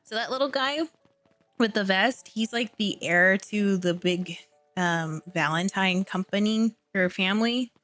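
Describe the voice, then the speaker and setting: A woman's voice: medium pitch, unhurried, fairly bright tone, faint music behind. A woman streamer chatting casually and rambling while playing a story game. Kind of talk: casual let's-play commentary. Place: home streaming setup.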